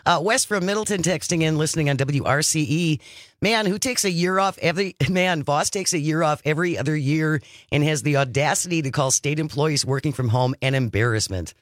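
A man's voice: on the high side, fairly quick, fairly bright tone, no echo. A man co-hosting a casual talk radio show from a studio, reading listener texts aloud in a conversational way.

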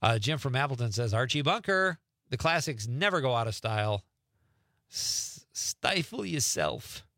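Speaking in a mid-range voice with no room sound, a middle-aged man hosts a studio radio talk show on a studio microphone. He's lively and jokey, reading out listener texts and reacting quickly.

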